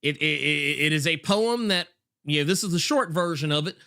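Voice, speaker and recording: A man's voice: a little high, expressive, fairly quick, creaky, sharp tone. A man co-hosting a podcast over a video call, agreeing emphatically in casual chat with many stammered restarts. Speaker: podcast co-host.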